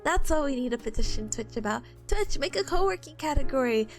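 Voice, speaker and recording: A young woman streamer chats with her audience in a high voice that leaps all over the place. She rambles, laughs constantly and lets her feelings show, with soft music playing faintly underneath. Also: expressive, fairly quick. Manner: laughs often, emotional and rambling. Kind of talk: casual chat with viewers.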